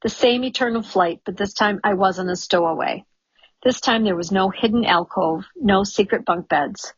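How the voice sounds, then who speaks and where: A woman narrating a first-person memoir audiobook in a measured, wry storytelling manner, in a dull, lo-fi recording. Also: mid-range voice, breathy edge, no echo. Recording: dull lo-fi studio recording, dry.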